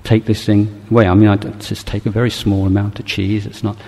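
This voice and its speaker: A frightened little mouse begs his friends for help in a storybook tale, as a man puts him on in his own low, level voice. The plea rings out with a long hall reverb behind it. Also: level tone, a little fast, darkish tone, husky. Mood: pleading. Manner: anxious, pleading. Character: small frightened male mouse pleading for help.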